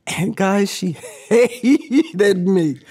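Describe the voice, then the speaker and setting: An older woman and former basketball player telling stories as a podcast guest, animated and laughing, acting out what people said. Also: mid-range voice, very slow. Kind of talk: casual storytelling interview.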